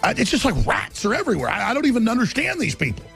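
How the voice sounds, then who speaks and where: A man's voice: extremely high pitch, huge pitch swings, racing, creaky, fairly bright tone, soft background music. A man hosting a talk-radio show, ranting in an impassioned, repetitive monologue into a studio microphone. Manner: ranting, repetitive, acts out quotes in mocking voices.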